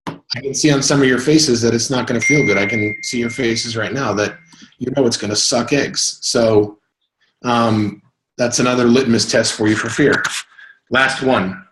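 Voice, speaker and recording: A man giving a live sales coaching talk to a group, energetic and rambling, breaking into sudden whoops. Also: mid-range voice, normal speed, roomy sound, background noise.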